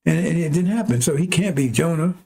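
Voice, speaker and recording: A man with a slightly high, fairly quick voice that's a bit rough and full of vocal fry delivers a rambling, conversational sermon. He's animated, now and then raising his voice to act out heated arguments with God.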